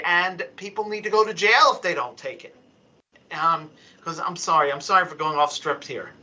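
A man giving emotional, halting testimony at a council hearing, stumbling and restarting as he pleads his case over a remote call. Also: fairly high pitch, bright, forceful tone, highs cut off. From Philadelphia, US. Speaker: public commenter at a council hearing. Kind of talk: impassioned unscripted testimony.

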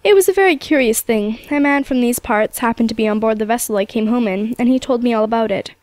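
A woman reading as a quiet weather-beaten sailor. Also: on the high side, fast, dry recording, lightly acted. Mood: sorrowful. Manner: quiet, restrained. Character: weather-beaten middle-aged sailor father, quiet, grave. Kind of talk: storybook reading.

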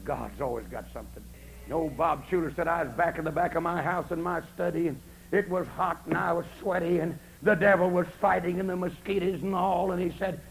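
A man preaching a camp meeting sermon, telling folksy stories and swinging from soft asides to shouting, on an old recording with a faint hum. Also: fairly high pitch, gravelly, low-quality recording. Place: camp meeting, outdoors or in a tabernacle.

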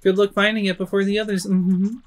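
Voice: mid-range voice, level tone, a little fast, voice pushed up, close to an everyday voice. A streamer voicing a sly flirting mouse thief. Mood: teasing. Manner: teasing, coy.

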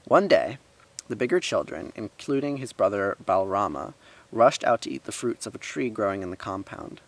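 Gravelly low-voiced man reading a story. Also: moderate pace. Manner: lively reading, voicing characters, with asides.

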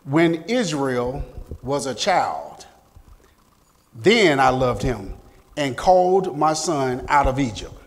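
A man's voice: medium pitch, big pitch swings, takes it slowly, in a large hall. A man leading a Sunday school lesson, reading scripture steadily and earnestly between remarks of praise. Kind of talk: reading scripture and teaching a class.

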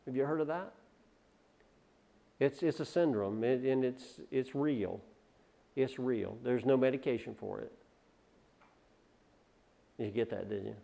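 Speaking a bit slowly in a gravelly, medium-pitched voice, a pastor delivers a sermon with long pauses. He booms out rhetorical questions, then slips into quiet asides, frequently restarting and repeating words.

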